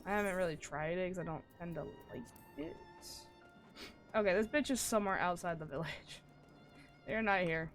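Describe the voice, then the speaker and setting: A woman's voice: lowish voice, normal speed, soft background music. An American woman chatting casually and joking at her own expense while live-streaming a game. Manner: chatty, rambling, self-deprecating jokes.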